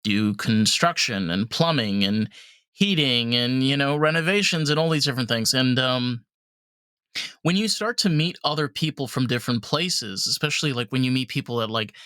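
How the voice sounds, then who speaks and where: Bright-voiced American podcast host. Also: male voice, mid-range voice, lively intonation, normal speed, smooth, no echo, clean studio sound. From upstate New York. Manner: rambling, emphatic, swears for emphasis. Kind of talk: casual conversation.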